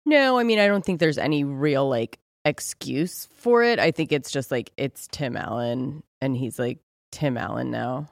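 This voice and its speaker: Podcast co-host, mid-pitched voice, sarcastic, laughs a lot, slangy, dry close sound. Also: animated, measured pace, gravelly, no echo. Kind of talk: casual crude chat.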